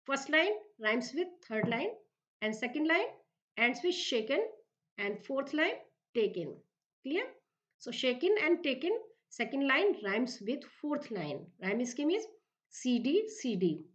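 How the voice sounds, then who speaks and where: A woman with an Indian English accent giving a slow, repetitive English literature lecture as a professor, often asking if the class is clear. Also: sits high, sing-song, a bit bright. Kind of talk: recorded lecture. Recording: dull lo-fi recording.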